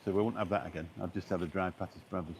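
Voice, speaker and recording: A man's voice: low-pitched, steady tone, very fast, slight background noise. A middle-aged man chatting casually on a live stream as he walks by the beach, rambling along with lots of fillers and restarts. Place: outdoors on a beach walk.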